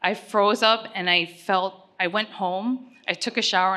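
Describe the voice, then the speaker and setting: A middle-aged woman speaks at a gala in an earnest, conversational way, pausing often on fillers as she tells her story. Her voice sits at an ordinary pitch for a woman and sounds bright and forward. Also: fairly even intonation. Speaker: honoree giving an acceptance speech. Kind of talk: personal gala speech.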